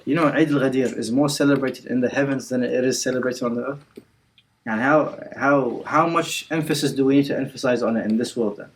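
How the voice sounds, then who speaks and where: A man in his natural register leads a relaxed religious lesson indoors. He retells the story in a loose, conversational way, full of fillers and restarts, and mixes Arabic words into his talk. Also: medium pitch, a little fast, a little hiss or hum, rough recording. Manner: retells scenes with quotes and frequent fillers; code-switches with Arabic words. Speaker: religious class teacher. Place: indoor community centre class.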